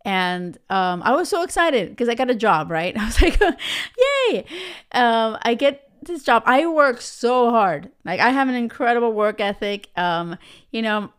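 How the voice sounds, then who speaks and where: A woman's voice: a little high, expressive, moderate pace, clean tone. A woman in her thirties hosting a podcast, telling a personal story in a chatty way, with many fillers and tag questions. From United States. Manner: chatty, with many fillers like "right?" and "you know". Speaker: podcast host.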